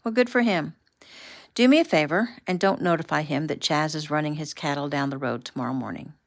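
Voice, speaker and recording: A woman's voice: deep voice, brisk, dry recording, studio quality. A woman voicing a friendly male innkeeper who talks in a casual, obliging way, in a read-aloud novel.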